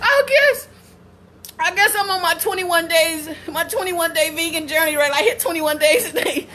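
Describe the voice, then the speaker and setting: Very high bright-voiced woman in her 40s, loud and excitable, swearing and laughing on a home vlog. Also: moderate pace, a little hiss or hum. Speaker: vlogger and mother. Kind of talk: casual vlog. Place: at home, indoors.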